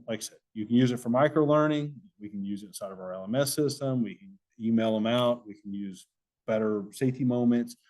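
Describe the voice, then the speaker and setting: A middle-aged man with a drawl presents to a room of professionals in an easygoing, explanatory way. His voice sits at an ordinary middle pitch, and he walks listeners through examples as he goes. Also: darkish tone. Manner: conversational and explanatory. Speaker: safety presenter. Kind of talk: conference presentation with audience Q&A.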